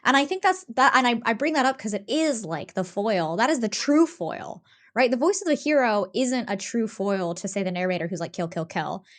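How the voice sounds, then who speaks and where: A woman's voice: on the high side, fairly quick. Chatty woman podcast co-host. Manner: talkative, animated, many fillers and restarts. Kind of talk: casual discussion.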